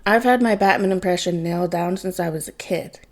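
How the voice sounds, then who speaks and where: Cocky young man in a superhero mask, smug and teasing, read by a woman, mellow tone, storybook reading. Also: on the low side, fairly quick, close to an everyday voice.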